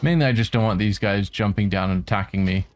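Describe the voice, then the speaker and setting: A man talks through his gameplay in a relaxed, lowish voice. He makes dry, wry asides and talks to the enemies on screen. Faint ambience sits under him. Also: quick pace, slight background noise. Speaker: game streamer. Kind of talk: let's-play commentary.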